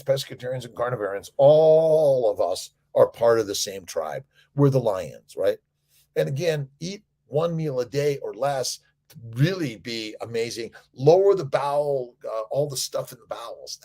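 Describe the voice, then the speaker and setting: A man's voice: mid-range voice, lively intonation, moderate pace, a little mellow. A middle-aged man hosting a casual morning livestream, greeting viewers by name and giving rambling, upbeat motivational health talk. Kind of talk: casual livestream chat reading viewer comments. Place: indoors.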